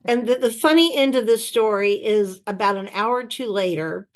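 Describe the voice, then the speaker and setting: A woman guest in an interview, telling an anecdote in a lively way and acting out the voices she quotes, over a video call. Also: on the high side, normal speed. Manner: animated storyteller who acts out quoted voices. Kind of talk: anecdotal storytelling.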